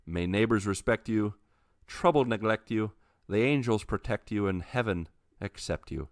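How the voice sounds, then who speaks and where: A man's voice: on the low side, moderate pace, no room sound, clean studio sound. A man hosting a casual podcast, delivering a rhythmic, blessing-like closing recitation. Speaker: podcast host. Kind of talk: casual podcast chat and scripted sign-off.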